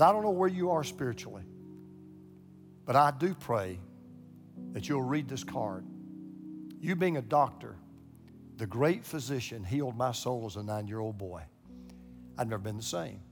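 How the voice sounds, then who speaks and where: An older man preaches at his congregation, telling a personal story with lively energy, stumbling and repeating words as he gets worked up. His voice sits at an ordinary middle pitch, and guitar music plays clearly underneath him. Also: normal speed, pauses often. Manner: animated, repeats words when excited, acts out quoted voices. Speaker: pastor. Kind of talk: sermon storytelling.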